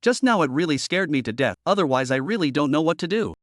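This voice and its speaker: A man's voice: on the high side, animated, fast, fairly bright tone, no echo, studio quality. A man voicing a timid young woman who speaks hesitantly and earnestly in a storybook recap. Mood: flustered.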